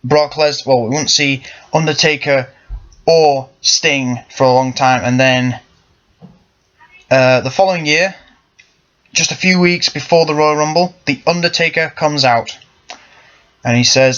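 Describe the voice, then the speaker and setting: Rambling young man with a fairly high voice. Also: measured pace, pauses often, fairly bright tone. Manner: rambling, with frequent self-corrections. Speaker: wrestling fan vlogger. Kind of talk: casual rebooking commentary. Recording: lo-fi muffled sound.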